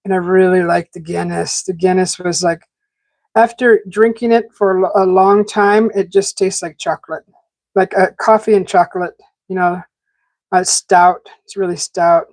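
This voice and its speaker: A woman's voice: on the low side, little pitch movement, normal speed, darkish tone, dry recording. Chatty woman streaming live, dry sound. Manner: rambling, chatty, many fillers and restarts; talking while eating. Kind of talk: casual live-stream chat. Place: home garden setting.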